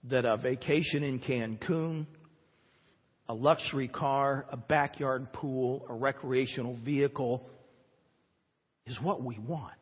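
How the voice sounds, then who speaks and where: A pastor preaching a sermon in a church sanctuary, talking conversationally and repeating words for emphasis. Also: male voice, mid-range voice, slightly rough. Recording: dull church recording with long reverb.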